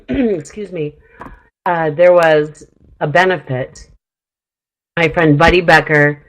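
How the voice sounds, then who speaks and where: A woman's voice: low voice, rough recording. A woman co-hosting a radio talk show, telling stories casually, laughing often and acting out the lines of people in her stories. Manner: chatty storyteller, laughs often, acts out quoted dialogue.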